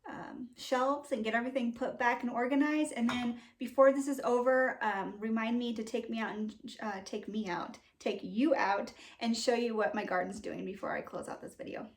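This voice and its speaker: A woman's voice: on the high side, steady tone, a little fast, hardly any pauses, dry recording. A woman vlogging casually as she tours her garden, chatty and laughing often, with many ums. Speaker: homestead vlogger. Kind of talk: casual garden tour vlog. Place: outdoor garden.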